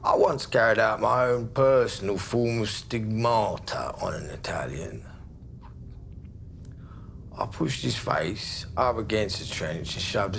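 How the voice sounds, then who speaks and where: An actor playing a volatile, menacing gangster baker and distiller, with a gravelly, mocking voice that swings from loud to hushed. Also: male voice, fairly low pitch, a little hiss or hum. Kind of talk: television crime drama.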